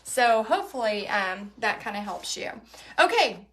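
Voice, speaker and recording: A woman's voice: mid-range voice, sing-song, a little slow, fairly bright tone. A woman teaching a live painting workshop, talking chattily with lots of "like" and "um". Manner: chatty, frequent "like" and "um". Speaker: paint party instructor.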